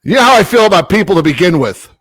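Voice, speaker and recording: A man rants about a game on his sports podcast, swearing freely and getting worked up. His voice sits a bit high and bright, leaping around in pitch, and the sound is dry and close. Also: racing, husky, dry recording. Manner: animated ranting with profanity. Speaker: podcast co-host. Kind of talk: casual chat.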